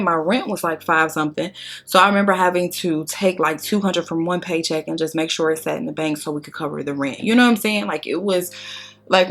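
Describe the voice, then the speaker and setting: A woman vlogger talking casually while doing her makeup, telling her story bluntly with lots of cursing and strong emotion. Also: lowish voice. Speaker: beauty vlogger.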